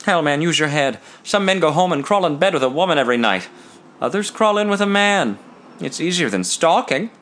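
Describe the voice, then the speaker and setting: A man's voice: on the high side, lively intonation, brisk, fairly bright tone, voice pushed up. A man doing a jovial, teasing man. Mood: persuasive. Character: jovial, teasing grown man, self-assured.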